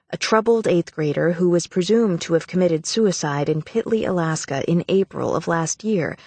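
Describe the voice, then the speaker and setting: A woman's voice: on the low side, a little mellow, dry recording, natural voice. A woman voicing a hesitant TV newscaster with a weak voice.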